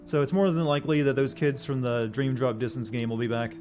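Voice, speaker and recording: Brief: deadpan male streamer, casual chat, mid pitch. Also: quick pace, soft background music. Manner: flat deadpan voice. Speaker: game streamer.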